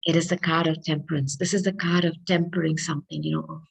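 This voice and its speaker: Talking fast in a low, steady, gravelly voice, a woman gives a spiritual tarot reading, calling on angels and speaking to listeners with earnest affection. Her voice is slightly rough, and the recording quality is low.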